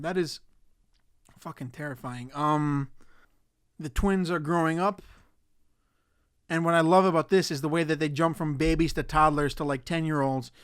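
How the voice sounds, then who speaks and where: A young man talks through a solo podcast episode in a loose, profane rant. His voice sits a little high for a man, and he gets exasperated often. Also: steady tone, moderate pace, pauses often, smooth. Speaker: podcast host.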